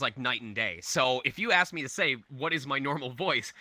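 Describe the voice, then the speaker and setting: A man's voice: medium pitch, moderate pace, hardly any pauses, sharp tone, no room sound. A man in his thirties, a voice actor, answering fan questions at a convention in a chatty way, laughing often. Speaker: voice actor guest.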